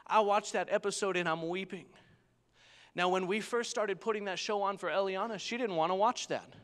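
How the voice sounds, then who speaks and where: In a large church hall that gives his voice a long reverb, a young pastor with a fairly high male voice preaches at a moderate pace. His sermon unfolds as an animated story, and he repeatedly invites his listeners to say amen.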